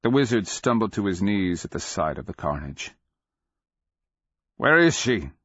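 A man narrating a dark fantasy audiobook in a measured, deliberate, dramatic way. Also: low voice, expressive, slightly rough, no room sound. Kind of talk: scripted literary narration. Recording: slightly muffled dry recording.

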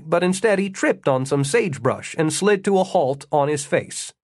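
A man's voice: on the high side, no room sound, studio quality. Man giving wry audiobook narration. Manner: steady, wry storytelling, slowing for description. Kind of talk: scripted narration.

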